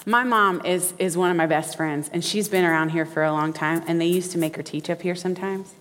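Animated woman preaching in a hall. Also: on the low side, brisk. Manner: animated, folksy, acts out quotes. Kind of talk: sermon with storytelling. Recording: reverberant hall.

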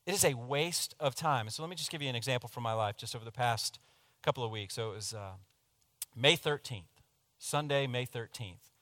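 A man preaching, telling a personal story in a confessional, animated way that swings from hushed to loud. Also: medium pitch, brisk, no echo. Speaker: pastor. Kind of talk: sermon storytelling.

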